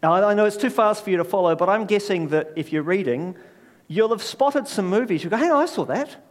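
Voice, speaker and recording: A man's voice: sits high, fairly quick. A middle-aged man preaching a sermon, telling stories with wry, self-deprecating asides.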